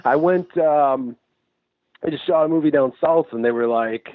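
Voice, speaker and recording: A man's voice: a little high, normal speed, no echo. Profane, tinny-sounding man telling stories. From New England. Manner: loose, profane, animated storytelling. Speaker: filmmaker and actor guest. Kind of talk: casual interview chat. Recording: dry, tinny phone-like sound.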